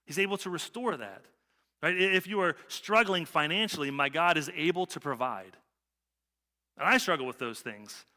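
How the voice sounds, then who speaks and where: A man's voice: on the high side, expressive, moderate pace, pushed and bright. A middle-aged male pastor preaching a conversational sermon, often repeating himself and asking "right?". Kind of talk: sermon with personal story. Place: church sanctuary. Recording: long church reverb.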